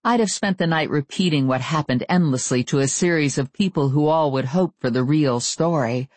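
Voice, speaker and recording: A woman reading a first-person novel aloud, with measured, wry storytelling. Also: deep voice, a little mellow, dry recording. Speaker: audiobook narrator.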